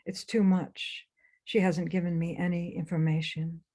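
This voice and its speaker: A woman author reading her own memoir aloud for a webinar, in a measured, intense first-person delivery. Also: lowish voice, level tone, mellow. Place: remote webinar.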